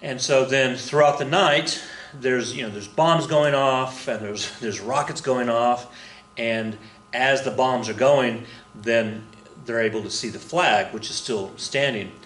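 A man's voice: medium pitch, unhurried, a bit bright, echoey room, slight background noise. A man teaching a casual history lesson to his students, talking in a rambling, conversational way with many fillers and restarts.

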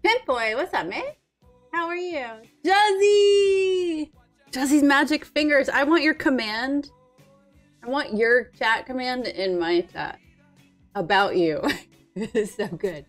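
A woman's voice: high voice, sing-song, slow, long pauses. A young woman streaming live, chatting casually and greeting viewers by name, bubbly and giggly. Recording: with faint music behind.

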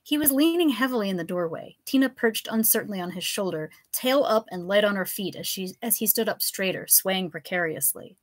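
A woman reading her own comic novella aloud with a lively, animated delivery. Her pitch moves around a great deal. The recording is dry, with no room sound. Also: a little fast, few pauses, no room sound. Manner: expressive, animated storytelling. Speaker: author and reader. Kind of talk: live fiction reading.

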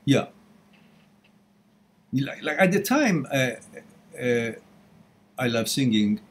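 Speaking slowly, with big swings in his medium-pitched voice, a middle-aged host fields viewer questions in a live Q&A session. He recounts his personal story with earnest emphasis.

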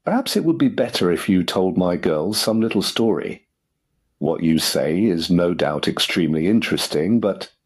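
A man's voice: fairly low pitch, very animated, moderate pace, a little mellow, slightly rough, pitched above the performer's own voice. A man voicing a cold, stern schoolmistress who speaks in icy, clipped, disapproving tones.

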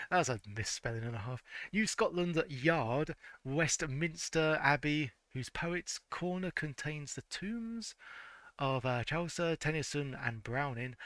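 A man talks through a retro game in a bright, slightly high voice, reading its place descriptions aloud. He trips over words, corrects himself and laughs along the way. The sound is dry and close. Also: no room sound. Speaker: let's-play host. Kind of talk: casual gameplay commentary, reading game text aloud.

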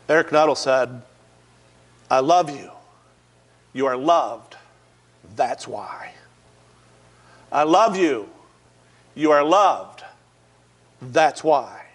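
Earnest preacher man, higher voice. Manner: earnest storytelling preacher, slows for emphasis. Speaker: pastor. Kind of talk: sermon.

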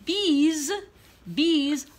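A woman teaching a guided reading lesson for young children, sounding out letters clearly, reading quoted words loudly, and praising them often. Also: high-pitched, drawn-out words. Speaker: preschool teacher.

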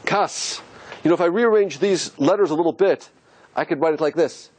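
A man's voice: fairly high pitch, moderate pace, darkish tone. A man teaching as a rabbi, asking rhetorical questions and musing aloud as he explains letters on a board. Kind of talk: teaching lecture.

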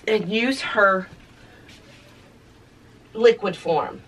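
Gushing woman, slow and breathy at times. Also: mid-range voice. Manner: gushing, talks softly to the colors, drops into whispers. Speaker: craft vlogger reviewing tie-dye colors. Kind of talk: casual narration while working.

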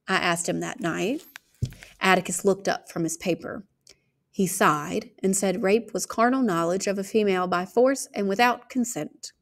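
A woman reading a novel aloud, expressive, shifting her pace and volume. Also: medium pitch, moderate pace, creaky. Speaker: audiobook reader.

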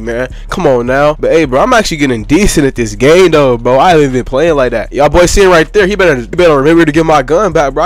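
Young man, gameplay commentary, slangy and excitable, slightly high voice, soft music underneath. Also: no room sound. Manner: excitable, slangy, chatty with other players. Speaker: gaming YouTuber.

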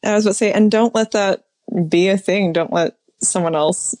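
A woman's voice: medium pitch, a little fast, a little mellow, dry recording. A young adult woman, a podcast guest, telling personal stories in casual conversation, laughing often and acting out what people said. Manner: laughs often, tells stories with many quoted asides.

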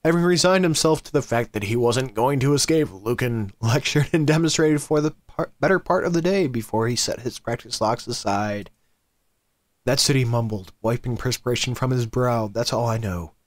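A man's voice: mid-range voice, fairly quick, few pauses, no echo, studio quality. A man hosting a let's play, joking casually and reading out game text. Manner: laid-back, joking. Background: game music.

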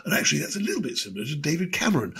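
A man's voice: fairly high pitch, huge pitch swings, very fast, creaky, a bit bright, husky. A man, a guest impressionist, chatting in an interview and slipping into voices mid-sentence. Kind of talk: casual interview chat.

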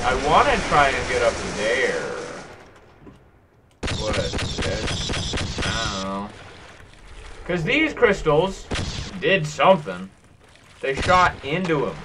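A man's voice: mid-range voice, distant mic, very noisy. A man joking to himself and yelping now and then as he plays through a video game. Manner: joking, talks to himself while playing, sudden yelps. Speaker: gameplay streamer. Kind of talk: casual gameplay commentary.

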